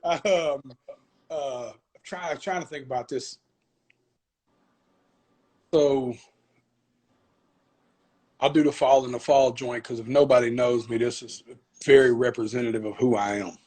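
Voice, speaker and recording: A man with a Southern accent, a guest chatting casually in an interview, laid-back and quick to laugh. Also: medium pitch, steady tone, a little mellow. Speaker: guest rapper.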